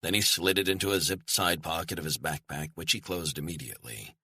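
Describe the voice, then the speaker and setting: Deep, husky male audiobook narrator. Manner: measured, lively storytelling. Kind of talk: scripted thriller narration.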